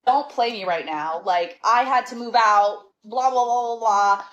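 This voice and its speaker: Woman, higher register, sassy and animated storyteller, chatty delivery. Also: measured pace, highs cut off. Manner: animated, sassy, exasperated, laughs between lines. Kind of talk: casual storytime monologue.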